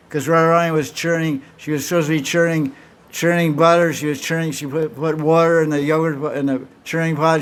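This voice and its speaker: A man's voice: a little high, steady tone, brisk, fairly bright tone, smooth. A man teaching at a devotional gathering, telling a story and acting out its dialogue, with many restarts. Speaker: spiritual teacher. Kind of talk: devotional lecture with questions.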